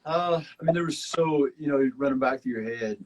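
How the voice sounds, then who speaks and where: Heard through a low-quality recording, a man with a mid-range voice speaks a little fast in a Southern accent. A former survival show contestant, he chats about his time there in a relaxed, reflective, rambling way, using plenty of fillers.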